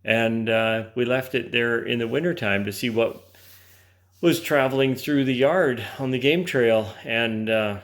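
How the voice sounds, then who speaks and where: A man's voice: mid-range voice, unhurried, fairly bright tone. A man co-hosting a homestead channel, explaining in a plain, casual way with some hesitation.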